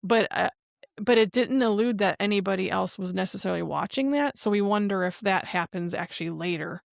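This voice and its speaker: Gravelly-voiced woman recapping a show. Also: medium pitch, a little fast, no echo, clean studio sound. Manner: chatty retelling with frequent "and then" links. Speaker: podcast co-host. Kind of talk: casual episode recap.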